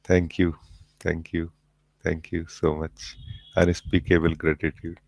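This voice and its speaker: A man leading a satsang as spiritual teacher, speaking slowly and gently with many pauses and fillers over a video call. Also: deep voice, flat delivery, vocal fry, dry recording, rough recording. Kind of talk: satsang talk.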